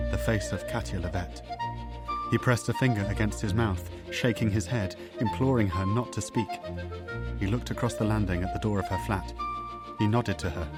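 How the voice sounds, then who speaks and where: A low-pitched male narrator reading a thriller in an even, measured way. Loud music sits underneath the narration throughout. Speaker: audiobook narrator. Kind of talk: scripted narration.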